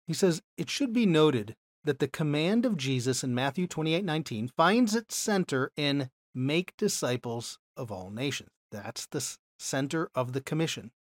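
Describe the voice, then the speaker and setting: A man's voice: on the high side, animated, normal speed, few pauses, no room sound. A man giving a Bible lesson as a teacher, explaining step by step and often checking in with "okay?". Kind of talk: classroom lecture.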